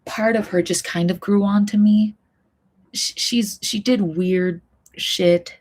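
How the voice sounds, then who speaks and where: A young woman in her twenties chatting casually on a soft-spoken stream, rambling and often slipping into a whisper. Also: medium pitch, steady tone, slow pace. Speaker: streamer and hobby voice actor.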